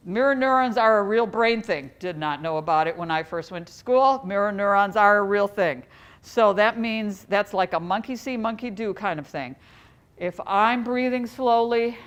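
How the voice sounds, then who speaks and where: A woman giving a live workshop to teachers, speaking in an easy, chatty way at a mid-range pitch. She talks to her listeners directly and keeps things light with a joke now and then. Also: moderate pace. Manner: conversational, chatty, jokes with the audience. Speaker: workshop presenter for educators. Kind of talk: live training presentation.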